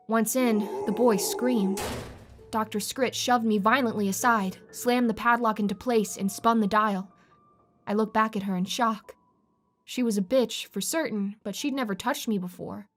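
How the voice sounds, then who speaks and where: Woman reading a horror story with steady dramatic delivery, faint music under it. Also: mid-range voice.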